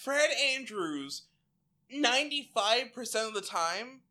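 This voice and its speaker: A man co-hosting a podcast who talks profanely and keeps dissolving into giggles. His voice swoops around animatedly with a bright edge, and he speaks at an unhurried pace. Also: very high voice, lively intonation. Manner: giggly and profane, breaking into laughter. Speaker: podcast co-host. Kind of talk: casual chat.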